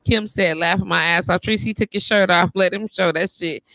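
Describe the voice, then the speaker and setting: A woman hosting a live-stream talk show from bed, teasing her guest and reading viewer comments aloud in loud, joking banter. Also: on the low side, steady tone, a little fast. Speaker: livestream talk show host.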